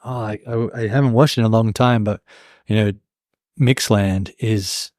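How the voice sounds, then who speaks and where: Brief: young Australian-raised podcast co-host, low voice, mild accent, animated tangents, dry close mic. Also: male voice, moderate pace, dry recording. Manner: animated storyteller, jumps between tangents. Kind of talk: casual chat.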